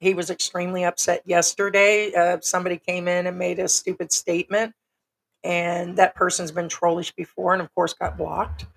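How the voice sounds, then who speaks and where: A middle-aged woman from the United States, hoarse and raspy from being sick, hosting a casual livestream chat in a frank, rambling way. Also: on the low side, level tone, moderate pace. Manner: rambling, frank, with many ums. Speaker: livestream host.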